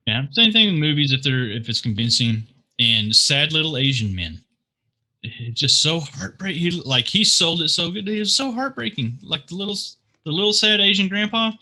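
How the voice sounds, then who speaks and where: A man co-hosting a casual podcast, recapping a show and making dry, deadpan teasing asides. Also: on the high side, moderate pace. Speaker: podcast co-host. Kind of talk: casual chat.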